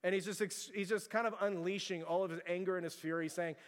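A young adult man preaches a sermon in a church, chatty and conversational, often putting questions to the congregation. His voice sits a little high for a man. The sound carries a long reverb tail from the sanctuary. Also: steady tone, fast talker, few pauses. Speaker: pastor.

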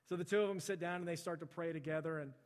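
A man's voice: on the high side, fairly even intonation, very fast, big-room sound. A man preaching a sermon, talking conversationally and slipping into the voices of the people in his stories. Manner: conversational, relives stories by voicing the people in them. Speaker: pastor. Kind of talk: sermon storytelling.

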